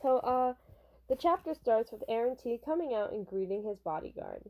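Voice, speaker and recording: A young woman with a slightly high, sing-song, a little mellow voice casually reviews a manga from her college dorm room. She speaks at normal speed, chatty and rambling, with restarts and fillers.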